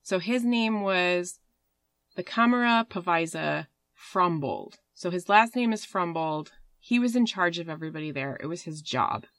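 A woman's voice: fairly low pitch, lively intonation, normal speed, a bit bright, no echo. A woman hosting a podcast, telling a story in a rambling, casual way with fillers and swearing. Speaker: podcast host.

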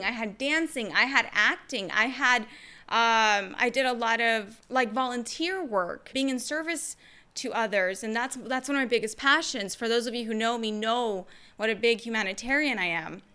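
A young woman telling her personal story to camera in a casual, energetic way, expressive and quick, with playful asides. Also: fairly high pitch. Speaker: vlogger sharing her story.

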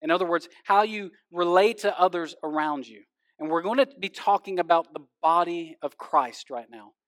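A male pastor giving a sermon, swinging from loud emphasis down to hushed, intense passages. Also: high-pitched, normal speed, no echo, clean studio sound.

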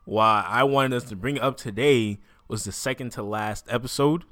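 A man's voice: mid-range voice, normal speed, a bit bright. A man co-hosting a casual anime talk, recapping an episode in slangy speech and acting out the lines. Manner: slangy recap with acted-out quotes and laughs. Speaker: podcast co-host.

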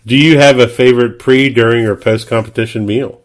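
A man's voice: medium pitch, steady tone, a little fast. A man hosting a podcast, asking short, easygoing questions. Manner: brief, easygoing interviewer. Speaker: podcast host. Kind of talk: casual podcast interview.

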